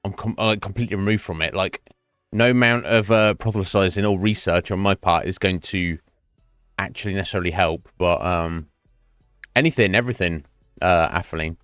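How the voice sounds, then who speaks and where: A man's voice: deep voice, a little fast, a bit bright, no room sound, clean studio sound, faint music behind. A man streaming live, chatting casually with his viewers in a rambling, self-mocking way and swearing freely.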